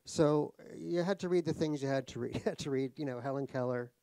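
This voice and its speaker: Medium in pitch and dark in tone, this middle-aged New Yorker talks a little fast, recorded dry with no room sound. An author appearing as a guest in a stage conversation at a cultural center, he tells comic anecdotes with wry self-deprecation, laughs at his own jokes, and rambles with many fillers and restarts.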